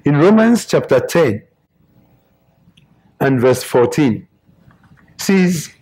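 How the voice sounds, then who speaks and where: Guy preaching a sermon, kinda high husky voice, slow and emphatic, keeps repeating himself. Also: very animated, a little mellow, low-quality recording. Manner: emphatic, repetitive preaching in short phrases.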